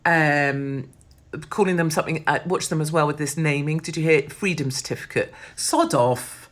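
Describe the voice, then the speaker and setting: Low-voiced, sweary woman. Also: moderate pace. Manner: blunt, sweary and sardonic. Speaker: host. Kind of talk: casual monologue.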